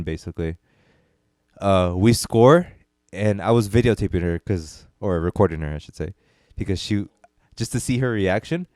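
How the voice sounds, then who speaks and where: Low-voiced man telling a story. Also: darkish tone, no room sound, clean studio sound. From United States. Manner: laid-back storytelling, quotes others in low asides. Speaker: podcast co-host. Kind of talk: casual chat.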